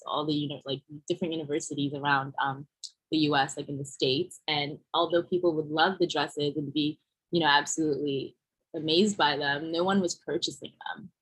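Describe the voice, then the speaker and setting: A young woman, a fashion designer appearing as a guest, tells her story in a casual podcast interview, peppering it with fillers like "like" and "you know." Her voice sits low with a breathy edge, and the recording is rough.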